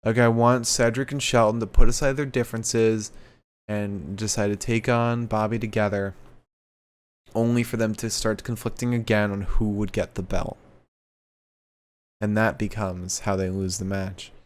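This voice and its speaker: A young man co-hosting a podcast, chatting casually through a wrestling recap and acting out the quotes with animated put-on voices. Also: lowish voice, normal speed. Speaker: podcast co-host.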